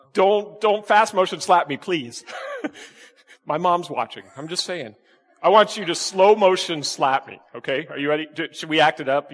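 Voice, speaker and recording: A man's voice: fairly high pitch, fairly bright tone, long reverb tail. A man preaching a sermon to his congregation, quizzing them with frequent questions and playful asides. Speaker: pastor. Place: church sanctuary with congregation.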